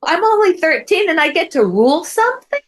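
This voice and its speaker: A woman's voice: extremely high pitch, a little fast. A woman improvising as an eager thirteen-year-old boy soldier. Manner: eager, excited questions.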